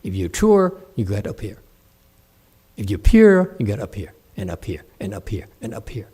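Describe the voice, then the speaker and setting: A man's voice: fairly low pitch, sing-song, normal speed, warm tone, breathy edge. A man leading a meditation question-and-answer session, talking casually and playfully and laughing often. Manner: playful, laughs often, acts out quoted voices. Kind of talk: casual Q&A talk. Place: temple hall.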